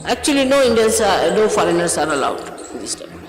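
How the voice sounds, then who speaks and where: Woman, 60s, spiritual teacher; stern, rebuking, lively pitch; roomy hall recording. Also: quick pace. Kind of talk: scolding talk to followers. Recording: echoey hall with faint noise.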